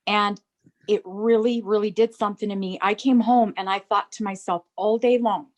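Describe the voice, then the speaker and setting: Earnest lady telling her story, acts out who said what, normal pitch. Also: steady tone, normal speed. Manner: earnest, tells the story by acting out dialogue. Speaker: program client giving a testimonial. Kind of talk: emotional personal story.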